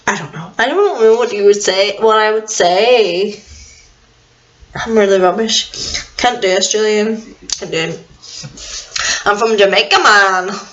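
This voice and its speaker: A woman's voice: medium pitch, a little slow, pauses often, dull audio. A young woman vlogging at home in casual, rambling chat, a little self-deprecating about what she can't do. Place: at home indoors.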